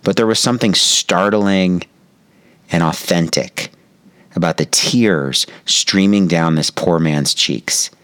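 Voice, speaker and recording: Man, very deep voice, meditation teacher, calm reflective storytelling, dry close sound. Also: slow, no room sound. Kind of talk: reflective spoken talk.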